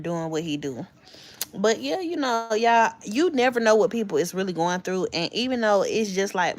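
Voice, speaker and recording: A woman in her late thirties hosting a live stream, chatting in a confiding way straight to her viewers. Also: medium pitch. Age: late 30s. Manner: chatty, confiding, addresses viewers as y'all and honey. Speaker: livestream host. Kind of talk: casual live-stream chat.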